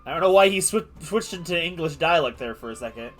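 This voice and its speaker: A man streaming a game, reading its text aloud and drifting into playful, rambling asides. His voice sits a little high and bounces around a lot, with soft game music underneath. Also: animated, fast.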